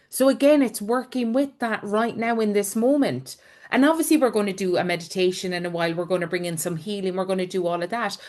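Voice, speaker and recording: A woman's voice: on the high side, darkish tone. Woman, middle-aged, spiritual coach on a group call, earnest and encouraging, shares her own stories. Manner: earnest, encouraging, personal storytelling. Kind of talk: spiritual teaching talk on a live group call.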